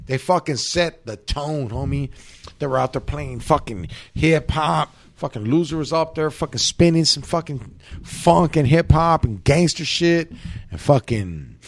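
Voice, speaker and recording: A man's voice: a little high, a little slow. A man telling a long casual story as a podcast host, slangy and heavy on profanity.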